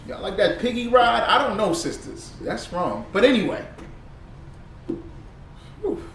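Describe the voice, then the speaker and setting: A man giving animated, preachy and profane reaction commentary on played clips, laughing often. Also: sits high, a little slow. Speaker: online commentator. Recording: echoey room, far from the mic, faint noise.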